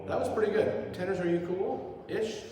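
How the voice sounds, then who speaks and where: Running a choir rehearsal in a hall, a man with a high-sitting voice speaks at normal speed, encouraging the singers, joking with them, and giving instructions. The sound is echoey and far away, with loud piano.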